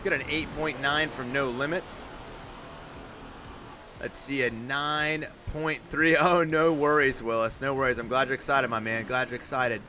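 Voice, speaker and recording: A man hosting a live stream, calling viewers' monster truck runs and reading out scores in a chatty, upbeat way with excited outbursts. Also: medium pitch, unhurried, noisy background. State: out of breath. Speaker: live stream host and announcer. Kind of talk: live-stream play-by-play commentary.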